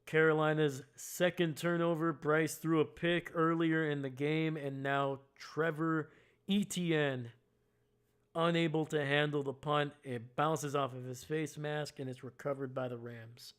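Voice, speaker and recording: A man doing live fan play-by-play and reaction, casual and self-mocking, getting excited on big plays. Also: fairly high pitch, a little slow, clear, resonant tone.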